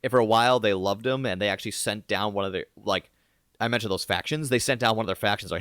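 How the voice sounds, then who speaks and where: A man with a low voice co-hosts a podcast, talking casually with jokey, rambling asides. He drops in theatrical pauses for comic effect. The sound is dry and close, with little room. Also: a bit bright, no room sound. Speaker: podcast co-host.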